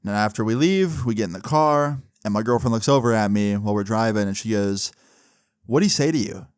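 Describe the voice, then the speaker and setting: A man's voice: fairly low pitch, fairly quick, clear, resonant tone, dry recording, studio quality. A young man, a YouTuber, telling a personal story in a chatty, laid-back, conversational way. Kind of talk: casual storytime narration.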